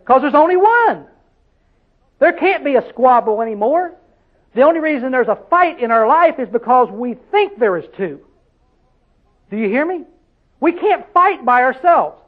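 Man, preacher, very high voice, folksy rhetorical sermon, tinny phone-like recording. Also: big pitch swings, normal speed, pauses often. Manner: folksy, rhetorical questions, dialect grammar.

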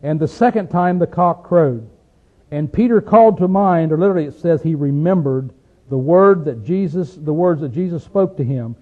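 A man with a Southern hillbilly accent preaches in a plain, folksy way, tossing out rhetorical questions and slowing down to read scripture. His voice sits a little high for a man. The recording is thin and tinny, like a phone line. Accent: Southern American hillbilly. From Appalachian region, USA. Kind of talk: sermon.

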